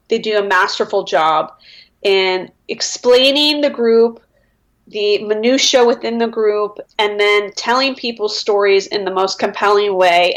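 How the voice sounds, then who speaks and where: A woman guest on a podcast, telling stories in animated, enthusiastic casual chat. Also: medium pitch.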